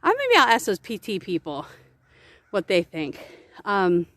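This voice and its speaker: A woman's voice: medium pitch, wildly swooping pitch, unhurried, fairly bright tone, no echo. A woman vlogging casually to camera on a woodland trail, talking in a rambling, candid way and swearing now and then. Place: outdoors on woodland trail stairs.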